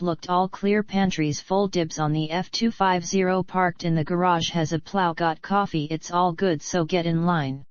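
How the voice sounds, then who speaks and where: Woman reading her own audiobook, rambly slangy and sweary, lowish smooth voice, dull lo-fi sound. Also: steady tone, moderate pace, hardly any pauses, no room sound. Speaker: audiobook narrator. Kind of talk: first-person audiobook narration.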